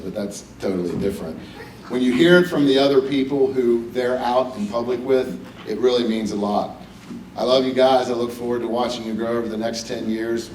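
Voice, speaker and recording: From a podium in a banquet hall with an audience, a middle-aged man from West Virginia, USA, gives a joking, personal speech on entering a hall of fame. His voice is on the low side and slightly mellow. The echoey recording is taken from a distance, a bit off mic, with a little hiss or hum.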